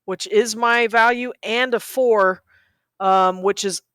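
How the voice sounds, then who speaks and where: Need a woman tabletop player with a smooth, resonant voice on a dry close mic, careful and precise. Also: a little high, steady tone, takes it slowly, a bit bright, no echo. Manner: careful, double-checks her numbers. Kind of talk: tabletop game play.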